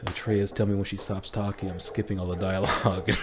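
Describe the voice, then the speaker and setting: A man's voice: lowish voice, expressive, unhurried, noisy background. A man hosting a casual podcast chat, laughing often and rambling. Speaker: podcast host.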